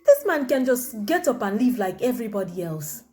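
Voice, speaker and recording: A woman's voice: a little high, very animated, normal speed, dark tone. A Nigerian woman acting a jealous female friend who needles and doubts in a comedy skit. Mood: doubting. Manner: sceptical, needling, humming disapprovingly.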